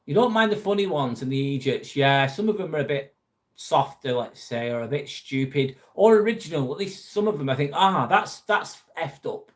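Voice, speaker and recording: A man's voice: a little high, animated, brisk, a little mellow. A man hosting a casual livestream, chatting bluntly with viewers and swearing freely. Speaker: livestream host reading viewer chat. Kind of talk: casual live chat.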